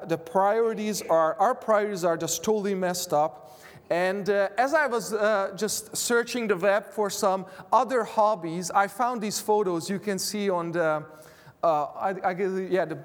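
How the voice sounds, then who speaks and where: A man gives a sermon in a high-pitched voice, often halting with fillers and restarting his sentences. His words ring out with a long reverb, as if spoken in a large church hall before a congregation. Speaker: preacher. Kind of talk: sermon with personal anecdote.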